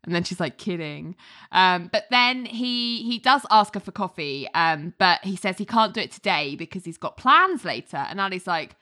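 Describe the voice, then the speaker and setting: A woman's voice: medium pitch, moderate pace, hardly any pauses. A British woman hosting a casual chat, recapping a TV episode with lots of laughter and acted-out character lines. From Britain. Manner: animated, laughs often, acts out characters' lines. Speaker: podcast host recapping a TV episode.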